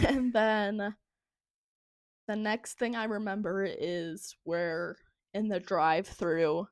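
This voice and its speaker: A woman's voice: medium pitch, fairly even intonation, slow pace, darkish tone, no echo, studio quality. A young woman telling a story as podcast co-host in casual chat, rambling with lots of "like" and frequent laughs. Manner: rambling, heavy use of "like", laughs often.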